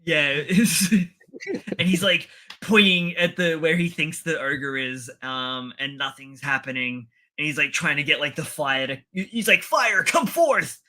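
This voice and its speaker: Brief: bright-voiced podcast co-host, rambling casual recap, laughs a lot. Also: male voice, fairly high pitch, fairly even intonation, unhurried. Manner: rambling, laughs often, acts out the lines. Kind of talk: casual chat recapping an anime episode.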